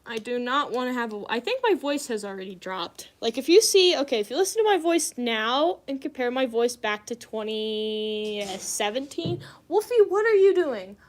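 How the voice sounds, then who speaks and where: A young woman with a fairly high voice talks casually to her live-stream viewers. She rambles from thought to thought and breaks into frequent giggles as she chats. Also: animated, normal speed, few pauses. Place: at home indoors.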